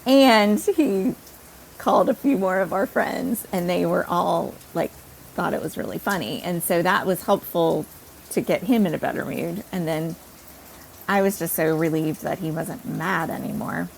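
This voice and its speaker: A woman podcast host telling a personal story in an animated, self-deprecating way. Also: on the low side, measured pace, gravelly, slight background noise, rough recording.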